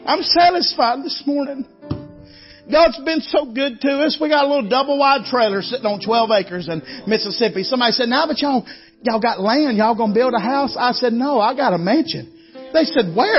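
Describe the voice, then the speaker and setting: A man's voice: very high voice, expressive, moderate pace, highs cut off, soft background music. A man, preaching a sermon in a folksy storytelling way and calling out to the congregation. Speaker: guest preacher. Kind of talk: Southern revival sermon.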